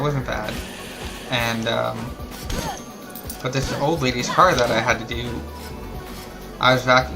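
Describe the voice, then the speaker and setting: A man's voice: medium pitch, creaky, poor audio. A man streaming a game, telling a long story in a rambling, casual way with many restarts. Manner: rambling, restarts often, quiet asides. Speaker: gamer streaming a playthrough. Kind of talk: casual storytelling while gaming. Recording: game music behind the voice.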